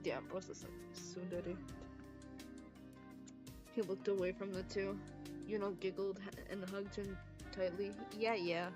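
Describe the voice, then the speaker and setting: A woman's voice: mid-range voice, flat delivery, unhurried, long pauses, over music. A woman streamer reading fanfiction aloud in a casual way, stumbling over words and giggling.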